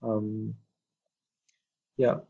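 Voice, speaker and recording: A man teaching English, reading lines from a textbook dialogue and explaining each one slowly, with frequent ums. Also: on the low side, monotone, vocal fry, slightly rough. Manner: reads example lines then explains them slowly, with many ums. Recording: dull lo-fi recording.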